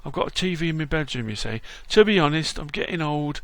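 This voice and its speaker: A man's voice: a little high, lively intonation, fast talker, fairly bright tone, dry recording. A man voicing a friendly, down-to-earth older Londoner with a London accent, matey and chatty in a game role-play. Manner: matey, chummy, says "mate" a lot.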